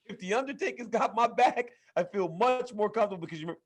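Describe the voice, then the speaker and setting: Male co-host, higher voice, excitable and repetitive in casual sports banter. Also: fast talker. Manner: enthusiastic, repeats himself for emphasis. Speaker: podcast co-host.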